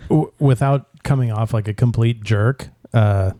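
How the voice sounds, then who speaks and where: A man's voice: medium pitch, unhurried, warm tone, no room sound, clean studio sound. A man co-hosting a casual podcast, asking questions, steering the topic and adding wry remarks. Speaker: podcast co-host.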